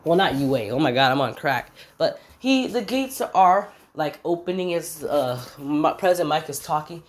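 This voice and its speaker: Woman, low pitch, very animated, rambling, self-correcting, filler words. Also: normal speed. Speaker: storyteller. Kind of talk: casual fan-fiction retelling.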